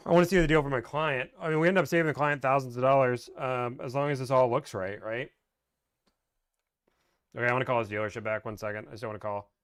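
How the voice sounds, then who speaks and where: A man hosting a live stream about negotiating car deals, chatting casually and thinking out loud with frequent restarts. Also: mid-range voice, no room sound, clean studio sound. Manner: thinks aloud, rambling with restarts. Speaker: car deal negotiator and livestream host.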